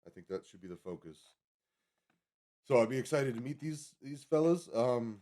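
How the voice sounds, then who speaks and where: A man's voice: medium pitch, expressive, moderate pace, warm tone. A man livestreaming, rambling casually as he reads a web page aloud and stumbles over foreign names. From Colorado. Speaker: livestream host.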